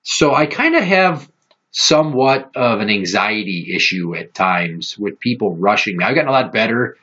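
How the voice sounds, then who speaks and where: A man hosting a podcast, telling profane, animated stories in casual chat. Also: on the low side, normal speed, highs cut off. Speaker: podcast host.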